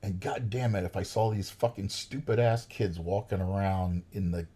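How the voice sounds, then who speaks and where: Podcast guest: deep, husky New man telling profane, ranting stories. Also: normal speed, mellow. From New York. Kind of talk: storytelling chat.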